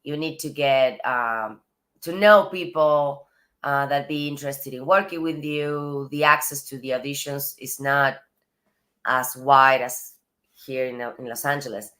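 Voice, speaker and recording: Argentine woman w a really deep voice for a lady, spanish is her first language, chatting thoughtfully, little laughs here and there. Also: a little slow, fairly bright tone. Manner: thoughtful, laughs between phrases. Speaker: actress, guest. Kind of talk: casual interview talk.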